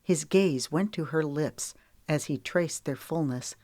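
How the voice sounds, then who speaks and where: Female audiobook narrator for a romance novel, slightly low voice, dry and close, steady delivery. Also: measured pace, no echo.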